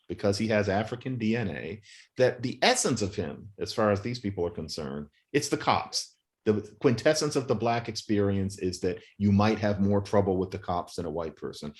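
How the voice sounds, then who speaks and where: A man, an author being interviewed, arguing in an emphatic, wry way with long spoken sentences. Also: lowish voice. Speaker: author and guest. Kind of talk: interview, animated argument.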